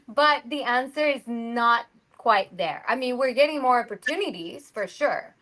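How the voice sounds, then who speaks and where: A woman's voice: high voice, takes it slowly, poor audio. A woman from Mexico, an actress chatting as an interview guest and acting out the people she quotes. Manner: animated, acts out quoted voices. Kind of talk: casual interview chat.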